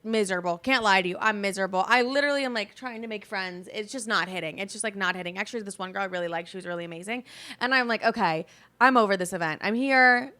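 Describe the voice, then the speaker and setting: Young woman podcaster ranting, swears a ton, says like constantly, bright crisp voice. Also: medium pitch, fast. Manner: dramatic, profane, quoting herself constantly with many "like"s. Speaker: podcast host. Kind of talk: casual storytelling rant.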